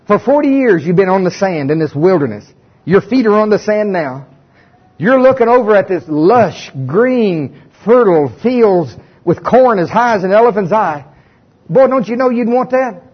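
Animated, high-voiced male preacher. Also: normal speed, husky. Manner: animated storytelling, folksy, humorous. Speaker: pastor. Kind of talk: sermon. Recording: dull lo-fi recording.

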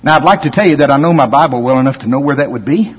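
A man's voice: mid-range voice, very fast, slightly rough. A man preaching a sermon, telling stories with acted-out quotes and frequent laughs. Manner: animated storytelling, acts out quotes, laughs often. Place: church hall. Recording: muffled hall recording.

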